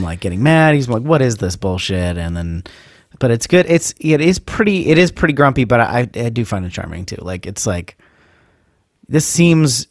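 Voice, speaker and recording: A man's voice: medium pitch, no room sound, studio quality. A man co-hosting a podcast, chatting casually and agreeably about a movie. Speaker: podcast co-host.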